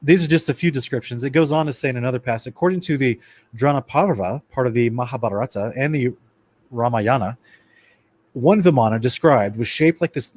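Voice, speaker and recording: A man's voice: medium pitch, darkish tone. A man giving a casual lecture-style Bible study presentation. He talks to his listeners as guys and stumbles and restarts now and then while reading passages aloud.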